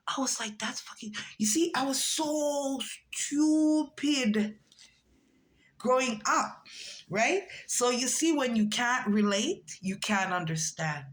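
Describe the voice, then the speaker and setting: A woman's voice: a little high, slow, low-quality recording. A woman in her forties telling a personal story in a casual monologue, acting out what other people said. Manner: animated, acts out quoted voices. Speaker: vlogger.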